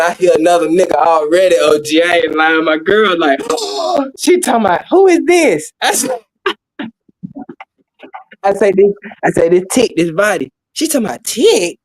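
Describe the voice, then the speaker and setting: A man telling a story in casual chat, animated, acting out the voices of the people in it and laughing often. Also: a little high, rough recording. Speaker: podcast host.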